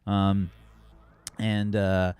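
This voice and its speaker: A man's voice: deep voice, little pitch movement, extremely slow, darkish tone, clean tone. A man narrating a tabletop game as game master in a casual, rambling way.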